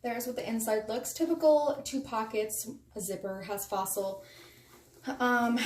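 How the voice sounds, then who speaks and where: A chatty woman with a slightly high voice gushes over new purchases in a casual haul video. She sounds lively and eager. Her voice rings in an echoey room over a faint hiss. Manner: chatty, gushing, enthusiastic. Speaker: beauty vlogger.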